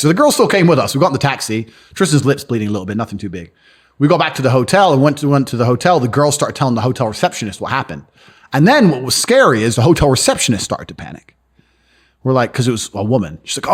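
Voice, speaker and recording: Brash, fast-talking storyteller man. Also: medium pitch, sing-song. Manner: brash, swears freely, acts out other people's lines. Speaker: podcast guest. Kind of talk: boastful storytelling in casual chat. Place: lives in London.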